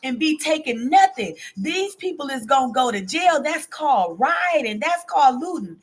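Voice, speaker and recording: A woman's voice: high-pitched, very animated, moderate pace, pitched above the performer's own voice. Woman voicing her stern scolding mother. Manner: rising, scolding, no-nonsense.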